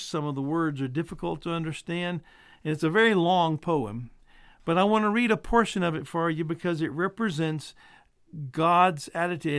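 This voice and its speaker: A male preacher delivers a sermon in an earnest, measured voice that sits a little high for a man. He eases into soft, quiet endings as he wraps up each thought. The sound is dry and close, with no room echo. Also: smooth. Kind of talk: sermon with closing prayer.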